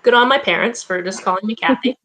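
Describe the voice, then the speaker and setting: A Canadian woman in her thirties hosting a live stream, chatting in a relaxed, friendly way. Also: fairly high pitch, fast talker. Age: 30s. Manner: relaxed and friendly, with easy laughs and filler words. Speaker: host. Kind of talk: casual chat on a live stream.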